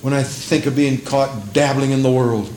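A man preaching a sermon from the pulpit, moving between low, measured passages and high, fervent stretches, and reading scripture in old-fashioned English. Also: a little mellow, reverberant, slight background noise. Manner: reads scripture in King James English. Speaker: pastor. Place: church sanctuary.

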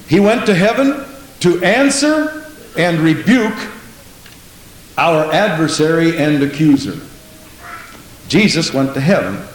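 Telling stories in a sermon, a man speaks emphatically, his pitch swinging widely, and he returns again and again to "Praise the Lord." Faint hiss and strong reverberation mark the recording.

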